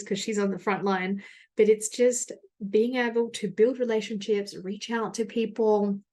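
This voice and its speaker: A woman's voice: medium pitch, a little mellow. A woman in her thirties, hosting a solo podcast in a rambling, candid way, laughing often at herself. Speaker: podcast host.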